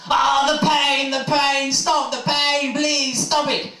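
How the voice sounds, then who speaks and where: A man's voice: level tone, slow pace, sharp tone, heavily acted. A man doing a shrieking woman in labour. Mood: pained. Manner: high strained wailing. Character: woman in painful childbirth, shrieking. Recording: roomy pub mic from afar.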